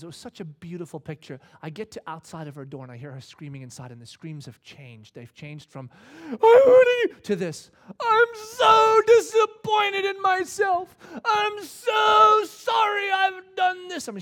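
A man in his thirties preaching a sermon, telling a personal family story and acting out the voices in it. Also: fairly high pitch. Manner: animated, acts out voices in his stories. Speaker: pastor.

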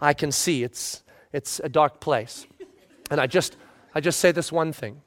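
A pastor delivers a storytelling sermon in a noticeably high male voice. His delivery is expressive, rising to loud emphasis at times and dropping to hushed tones at others. He is talking to a congregation. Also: measured pace.

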